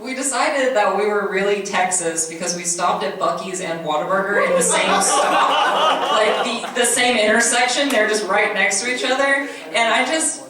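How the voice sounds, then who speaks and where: A woman's voice: medium pitch, animated, normal speed, few pauses, a loud crowd. A young woman voice actress chatting on a convention panel, giggly and rambling. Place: large convention hall. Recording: echoey hall from far off, audience. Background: audience.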